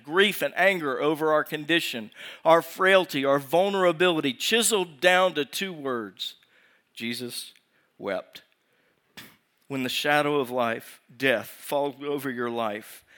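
A male pastor preaching with a bright, forceful tone sitting a little above the usual male pitch. He asks the congregation rhetorical questions. He moves between raised emphasis and quiet, drawn-out phrases. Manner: swings from raised emphasis to hushed, slow delivery. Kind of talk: sermon.

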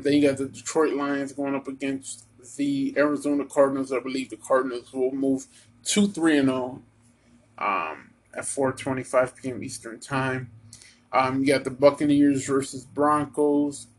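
A man from the United States giving casual sports predictions, halting often with ums and restarts while talking straight to his listeners. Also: medium pitch, little pitch movement, poor audio. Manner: Eagles fan, talks straight to listeners. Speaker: sports vlogger giving picks.

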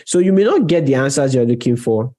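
A man's voice: mid-range voice, animated, brisk, mellow. A man preaching a conversational sermon on prayer, talking directly to his listeners and stressing key words. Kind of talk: sermon teaching.

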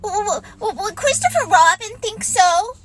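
A woman's voice: extremely high pitch, lively intonation, moderate pace, fairly bright tone, pitched above the performer's own voice. A woman voicing a timid, nervous little piglet who stammers, in a storybook reading. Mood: anxious. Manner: stammering, anxious.

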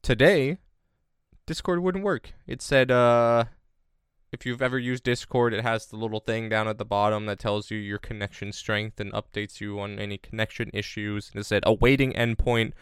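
Male podcast co-host, smooth resonant voice, dry close sound, rambling and jokey. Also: on the low side, normal speed, no room sound. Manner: jokey, rambling, deadpan asides. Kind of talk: casual chat. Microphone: remote recording on separate devices.

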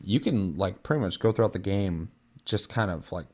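A man's voice: deep voice, normal speed. A young man chatting casually on a podcast, rambling and swearing, with lots of filler words. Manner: rambling, profane storytelling with many fillers. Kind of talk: casual chat.

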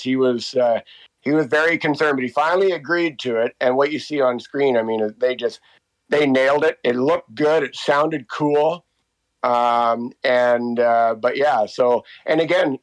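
Heard through a low-quality recording, a medium-pitched male voice belongs to a fiftysomething walking tour guide from Canada. He's the interviewee here, spinning casual, meandering stories full of fillers and restarts.

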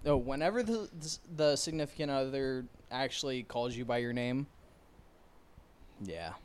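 A man's voice: mid-range voice, lively intonation, moderate pace, clear, resonant tone. A young man co-hosting a podcast, laid-back, giving dry comebacks. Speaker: podcast co-host. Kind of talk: casual chat.

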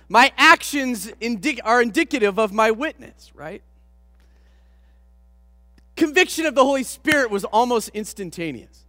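Man, pastor, sermon storytelling, self-deprecating, high voice, long hall reverb. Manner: animated anecdote with self-deprecating humor.

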